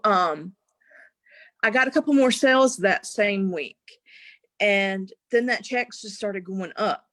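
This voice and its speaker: A woman's voice: fairly high pitch, no echo. A young adult woman, a guest in an interview, telling her story casually and acting out what people said, laughing often. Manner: animated, acts out quotes, laughs often.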